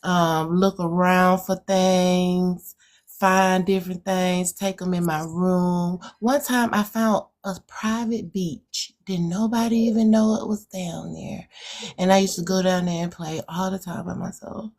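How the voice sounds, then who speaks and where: A woman's voice: lowish voice, steady tone, a little slow, darkish tone. A woman from Alabama with a rural Alabama accent, a guest poet talking through her answers in a reflective way with many hesitant fillers. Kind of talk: casual interview chat.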